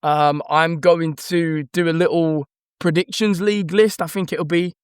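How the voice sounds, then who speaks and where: A man's voice: on the high side, fairly even intonation, unhurried, smooth, dry recording, clean studio sound. A man casually thinking aloud as he predicts football results, rattling off team names and hesitating over his picks.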